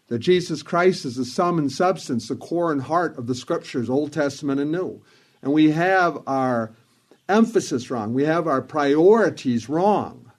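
A man preaching a sermon in an earnest, emphatic way, repeating phrases for stress. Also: a little high.

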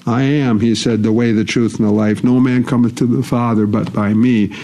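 A man's voice: medium pitch, fairly even intonation, moderate pace, dark tone, slight background noise. A man preaching a sermon, reading scripture verses aloud and repeating key phrases for emphasis.

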